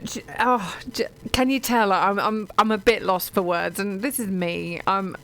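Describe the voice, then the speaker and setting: A woman's voice: medium pitch, steady tone, unhurried, a bit bright, low-quality recording. A middle-aged English woman chatting on radio about books, gushing and digressive, with lots of ums and restarts. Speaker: radio show guest or presenter talking books.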